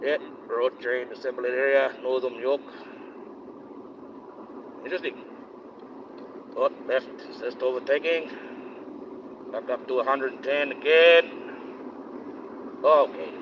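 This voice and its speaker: A man live-streaming while driving on a highway, giving rambling, opinionated commentary in a put-on accent. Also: fairly even intonation, slow pace, pauses often. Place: inside a moving car on a highway. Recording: dull lo-fi sound with road noise. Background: engine and road noise.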